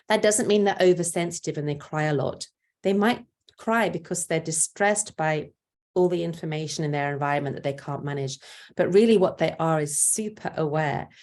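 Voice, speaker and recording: An older woman with a low, grounded voice gives parenting advice in a gentle, patient way. She explains calmly and steps into short spoken examples of what a parent might say to a child. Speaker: parenting speaker. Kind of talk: parenting talk.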